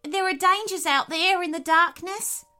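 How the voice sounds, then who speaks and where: Woman doing a skittish little potoroo, anxious, squeaky, bright. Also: measured pace, soft background music, heavily acted. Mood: worried. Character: nervous little potoroo, jumpy and shrill.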